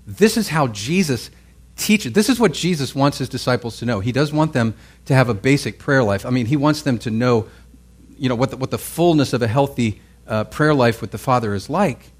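A man's voice: mid-range voice, expressive, a little fast, breathy edge. Conversational man teaching a Bible passage. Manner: conversational, checks in with the listeners; repeats and restarts his phrases. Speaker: pastor teaching a Bible class. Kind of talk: sermon.

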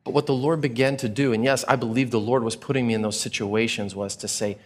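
A man preaching a sermon, telling a personal story with animated, acted-out reactions. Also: mid-range voice, quick pace, few pauses. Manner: animated storyteller, acts out his own reactions. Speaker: pastor.

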